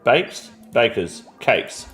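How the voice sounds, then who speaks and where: Blunt, profane Australian streamer. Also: male voice, medium pitch, sing-song, extremely slow, a bit bright. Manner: blunt, profane, answers chat questions. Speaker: game streamer. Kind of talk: casual live-stream chat.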